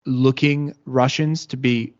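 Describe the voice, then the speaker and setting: Man with a mid-pitched voice, podcast host, rambling and halting, dull lo-fi sound. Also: steady tone, a little mellow. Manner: rambling, halting, many restarts. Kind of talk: casual podcast chat.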